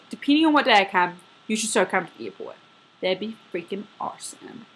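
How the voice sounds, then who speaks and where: A woman's voice: mid-range voice, expressive, normal speed, husky. An eighteen-year-old woman talking to her best friend in a casual video message from her bedroom, rambling and filling her talk with "like" and "um". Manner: chatty, rambling, full of "like" and "um".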